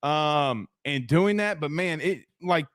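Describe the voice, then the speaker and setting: A man with a high voice hosts a postgame sports talk show, ranting with lots of energy and reading viewer comments aloud. His delivery is loose and conversational. The sound is dry and close to the mic. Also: takes it slowly, no room sound. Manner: animated, ranting, reads chat comments.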